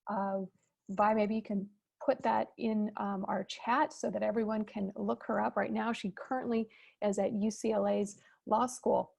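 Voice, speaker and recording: A woman moderating a fireside chat over a video call, explaining terms in a measured, teacherly way. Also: mid-range voice, little pitch movement, creaky, darkish tone, husky.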